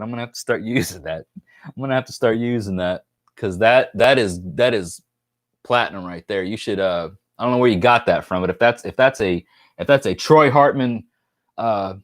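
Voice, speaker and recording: A man's voice: lowish voice, dry recording, studio quality. A man from New York hosting a casual live stream, joking and rambling as he reads viewer comments aloud.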